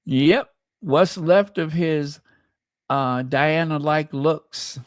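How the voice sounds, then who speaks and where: Slow, sassy American man commentating. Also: fairly high pitch, no room sound, clean studio sound. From United States. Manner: sassy and mocking. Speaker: channel host. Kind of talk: casual commentary.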